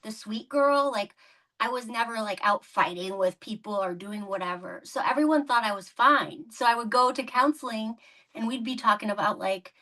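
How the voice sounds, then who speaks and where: A woman's voice: on the high side, moderate pace, sharp tone. A woman hosting a podcast, chatting casually, laughing often and leaning on fillers. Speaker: podcast host. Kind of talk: casual interview chat.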